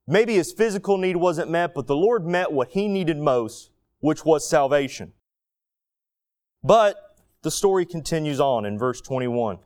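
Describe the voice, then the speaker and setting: A man preaching a sermon, telling a Bible story with animated asides and acted-out quotes. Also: on the high side, measured pace.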